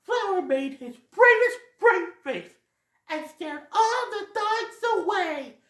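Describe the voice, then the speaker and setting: A fan reviewer voicing an excited little girl rabbit in a squeaky, high voice, in a roomy space. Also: takes it slowly, far from the mic, exaggerated voice. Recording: roomy echo.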